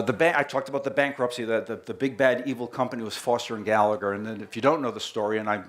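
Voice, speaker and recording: A middle-aged man with a Boston accent giving a chatty, story-filled company presentation to a live audience, restarting phrases and asking the crowd questions. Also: medium pitch. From Boston, USA.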